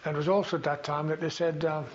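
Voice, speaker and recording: An older man reminisces in a rambling, unhurried way, often pausing on fillers and restarting his sentences. His voice sits a little high for a man. The recording is dull and lo-fi, with a faint hiss. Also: level tone. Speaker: veteran interviewee. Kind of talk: oral history recollection.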